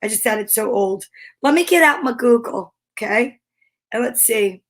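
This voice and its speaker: A high-pitched woman hosting a casual livestream. She sounds bubbly and eager, chatting with her audience and reading out their greetings. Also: moderate pace. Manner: bubbly and excitable, reads out viewer comments. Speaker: livestream story time host.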